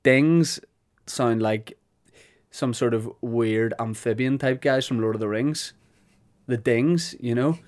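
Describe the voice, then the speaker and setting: A Northern Irish podcast host delivers a comic monologue of rambling, self-deprecating stories. He speaks slowly in a medium-pitched, darkish voice, with no room sound on the recording.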